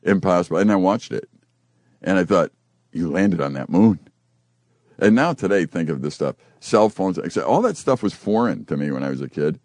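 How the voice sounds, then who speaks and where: An older man with a low voice that swings widely in pitch as he spins his stories. He acts out the quotes as he goes. The sound is dry and close. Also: brisk, no echo. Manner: animated storyteller who acts out quotes. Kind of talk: casual storytelling chat.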